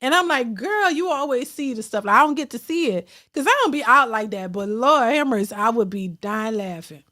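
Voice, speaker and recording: Animated, slangy woman livestream host. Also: on the high side, fairly quick. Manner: animated, laughing, slangy and blunt. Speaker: livestream host reading super chats. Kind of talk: casual livestream commentary.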